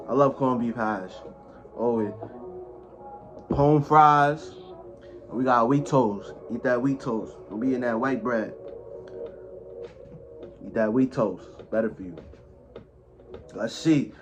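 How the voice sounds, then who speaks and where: Laid-back young man eating on camera. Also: medium pitch. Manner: laid-back slangy banter, talks with food in mouth. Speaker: mukbang vlogger. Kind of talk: casual talk to camera while eating.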